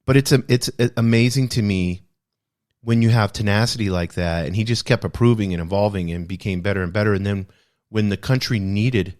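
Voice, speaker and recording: A man's voice: fairly low pitch, a little fast, darkish tone. A man hosting a podcast, discussing a self-help book in an earnest, reflective way and repeating key phrases for emphasis. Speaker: podcast host.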